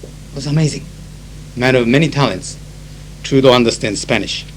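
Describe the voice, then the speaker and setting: A man's mid-range voice, at normal speed, comes from a low-quality old tape with a faint hum. He is a Japanese-accented conference interpreter recording a spoken diary, chatting through filler-laden anecdotes and switching to Japanese to explain phrases.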